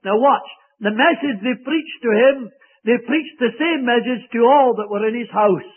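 High-voiced husky male preacher. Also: a little slow. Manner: emphatic, earnest preaching. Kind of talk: sermon. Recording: tinny phone-like recording.

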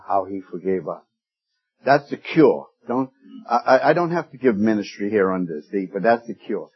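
A man preaching a sermon, telling stories in a folksy way, pushing up for emphasis and dropping soft for quoted words. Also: on the low side, husky, dull audio. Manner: folksy storytelling with rising emphasis and hushed quoted lines.

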